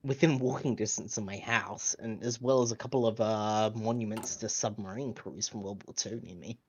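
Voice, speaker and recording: A man's voice: on the low side, fairly even intonation, normal speed, a little mellow, a little hiss or hum. An Australian man chatting casually, rambling and joking. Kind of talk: casual chat.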